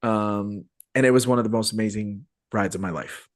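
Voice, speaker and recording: Animated male podcast host, dry sound. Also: lowish voice, moderate pace, dry recording. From Phoenix, Arizona area. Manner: animated, enthusiastic, lots of fillers and restarts. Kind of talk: casual podcast chat. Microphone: video call podcast mic.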